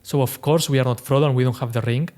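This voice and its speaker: A man's voice: medium pitch, steady tone, quick pace, a little mellow. A man hosting a casual commentary, chatty and conversational, often adding "right?" and "like" and laughing lightly. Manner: chatty, fillers like "right?" and "like", laughs now and then. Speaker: host.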